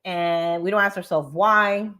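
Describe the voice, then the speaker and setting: Speaking straight to her audience over slides, a morning show host delivers an animated, emphatic motivational talk. She sounds tired, with a fairly low pitch and an unhurried delivery.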